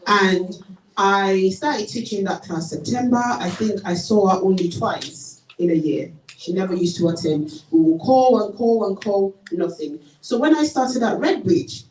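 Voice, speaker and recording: A Nigerian woman gives an animated, story-filled seminar talk in a mellow voice. She is picked up from some distance in a reverberant church hall, with faint room noise behind her. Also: medium pitch, a little slow. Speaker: college tutor speaking at a parenting seminar. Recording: echoey hall, mic from a distance.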